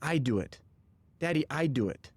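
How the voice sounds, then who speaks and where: A man putting on the voice of an excited toddler boy, with lisping baby talk. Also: on the high side, normal speed, breathy edge, no room sound.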